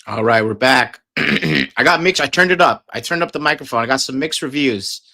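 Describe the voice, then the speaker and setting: A man's voice: mid-range voice, normal speed, gravelly, pushed and bright. A man hosting a livestream, talking casually and aggressively, swearing often and berating his viewers. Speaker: livestream host. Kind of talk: profane livestream rant.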